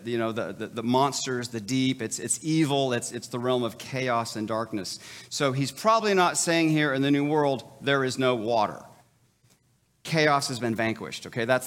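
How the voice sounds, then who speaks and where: A man's voice: mid-range voice, normal speed, fairly bright tone, long reverb tail. A middle-aged male pastor giving a conversational sermon, with frequent stammered restarts and chuckles at his own stories.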